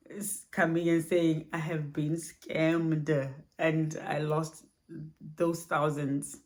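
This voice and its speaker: A woman speaking softly and haltingly in a personal vlog recorded at home at night, low on energy. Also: flat delivery. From Australia. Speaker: vlogger.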